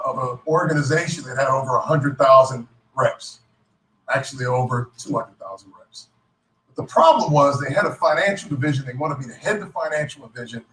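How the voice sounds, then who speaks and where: A man giving a joking, motivational talk to a live audience at a business event. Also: medium pitch. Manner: lively, joking, self-described clown. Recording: echoey hall, voice from a distance.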